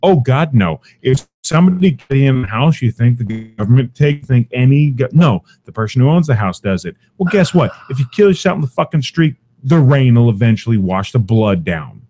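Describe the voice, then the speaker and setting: A young man hosting a podcast, delivering an angry, profane rant loud and fast, cursing constantly. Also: medium pitch, big pitch swings, a little hiss or hum. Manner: profane, furious, shouting rant. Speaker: podcast host. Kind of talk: angry ranting commentary.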